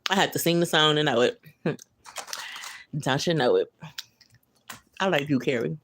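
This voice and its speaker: Hosting a laid-back livestream, this woman speaks at normal speed in a low voice, reading viewers' comments aloud and chuckling frequently as she chats in slang. There's a little hiss or hum in the audio.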